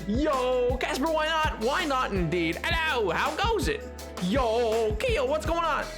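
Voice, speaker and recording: A streamer hosting a casual livestream, tossing out sing-song hellos and reading viewers' messages aloud. The pitch leaps all over, highly animated. Faint music plays quietly behind the voice. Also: slow. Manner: playful, sing-song greetings, reads chat aloud; frequent laughs and mock exclamations. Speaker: livestream host. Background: faint music playlist.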